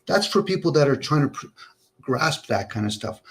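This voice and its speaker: A man's voice: mid-range voice, lively intonation, normal speed, a bit bright. A man hosting a livestream, rambling through philosophical ideas with lots of rhetorical questions over an online call. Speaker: livestream host. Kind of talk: casual philosophical chat.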